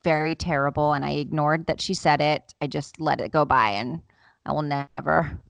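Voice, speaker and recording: A young woman with a very low, gravelly voice chats candidly on a podcast, sounding worn out. She tells self-mocking stories and laughs often. The sound is dry and close. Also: steady tone, normal speed, no echo. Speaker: podcast co-host. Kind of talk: casual chat.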